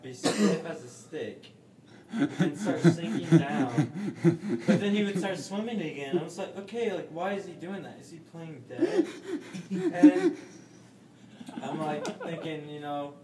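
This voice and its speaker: A man co-hosting a casual podcast, telling a story in an animated way and swearing freely. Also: on the high side, normal speed, reverberant, recorded from a distance, a loud crowd. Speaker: podcast co-host. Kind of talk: casual chat.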